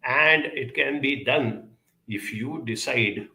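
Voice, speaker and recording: Earnest creaky-voiced man in an echoey room. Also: medium pitch, pushed and bright. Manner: measured, earnest, with frequent pauses and 'uh' fillers. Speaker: speaker answering audience questions. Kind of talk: advice talk.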